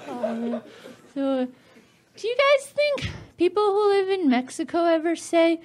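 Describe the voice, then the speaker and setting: A woman comedian doing a stand-up set of dark one-liners, giggling at her own jokes on a club stage mic. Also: very high voice, big pitch swings, a little slow. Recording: live club set with audience laughter and noise.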